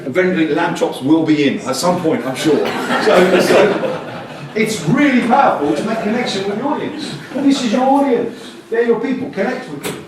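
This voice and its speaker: A man giving a jokey, animated talk at a coaching conference and acting out quotes in different voices. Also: high voice, moderate pace, noisy background. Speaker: conference speaker. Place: conference hall with audience. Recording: distant mic in an echoey hall.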